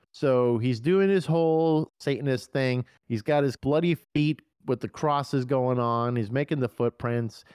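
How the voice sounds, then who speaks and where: A man talking casually on a horror podcast, his pitch swinging widely as he gets worked up. He swears freely and jumps into quick bits of acted-out dialogue. The sound is dry and close, with no room around it. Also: no room sound. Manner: animated, profane, excitable retelling. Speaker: podcast co-host. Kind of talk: casual movie review chat.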